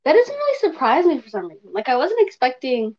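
A woman's voice: high-pitched, big pitch swings, quick pace. A woman co-hosting a casual podcast, talking hesitantly with many fillers over a remote call. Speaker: podcast co-host. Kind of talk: casual chat. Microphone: remote call recording. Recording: dull lo-fi call audio.

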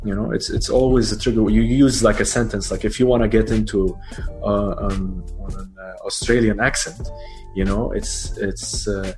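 Low-voiced male podcast guest, rambly and easygoing. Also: steady tone, normal speed, darkish tone, soft background music. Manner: rambling, filler-heavy, laughs easily. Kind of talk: casual podcast chat.

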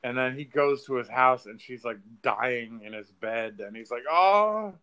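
An animated man in a casual podcast chat, acting out scenes from a film he just watched. He laughs often and swears. His voice sits in a middle pitch. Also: moderate pace, smooth. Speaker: podcast co-host. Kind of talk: casual movie review chat.

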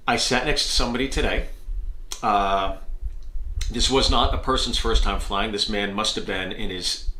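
A man, a comedian hosting his own podcast, telling a story in an animated way, acting out voices and laughing at himself. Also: lowish voice, moderate pace. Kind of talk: storytelling monologue. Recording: echoey room.

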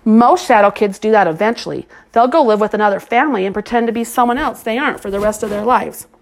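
A woman's voice: mid-range voice, fast, creaky, lightly acted. A woman voicing a fierce, passionate teenage girl who speaks intensely and indignantly.

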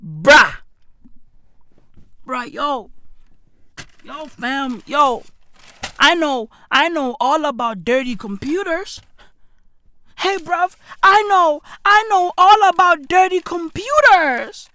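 A man ranting in a profane, rambling comedy monologue, swinging from mumbles to shouts. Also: extremely high pitch, lively intonation, slow, long pauses, dry recording. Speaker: comedic vlogger.

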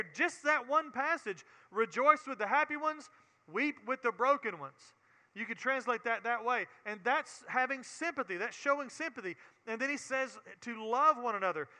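A man's voice: extremely high pitch, pushed and bright, long reverb tail. A man with a Southern US accent teaching a Bible sermon in an earnest way, often repeating words and building to emphatic preaching.

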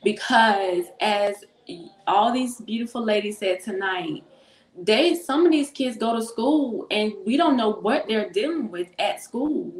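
A woman's voice: medium pitch, lively intonation, unhurried. Woman, 30s, earnest panel speaker on a phone mic, echoey room. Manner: earnest, repeats phrases for emphasis. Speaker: mother and book co-author on a panel. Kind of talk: encouraging panel talk.

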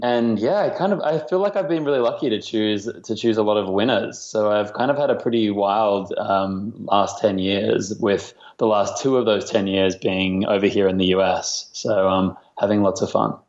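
A chatty Australian man around thirty talks loosely and with humor, leaning on fillers. His voice sits on the low side. The sound is somewhat dull and lo-fi. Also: moderate pace, few pauses, darkish tone. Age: late 20s to 30. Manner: chatty, self-deprecating, many fillers. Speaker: guest, marketing executive. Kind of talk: casual interview.

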